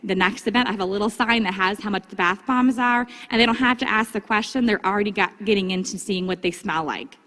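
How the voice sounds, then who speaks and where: A woman giving a casual, upbeat training talk to her sales team, breaking into livelier, higher tones when she acts out chats with customers. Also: quick pace, few pauses, fairly bright tone. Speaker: direct sales consultant giving vendor training. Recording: long hall reverb.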